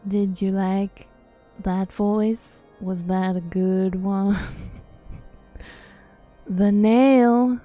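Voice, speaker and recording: A woman chatting playfully while she streams a game, joking and laughing at her own voices, over soft music. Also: medium pitch, little pitch movement, drawn-out words. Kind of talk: casual live-stream commentary. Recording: faint game music behind.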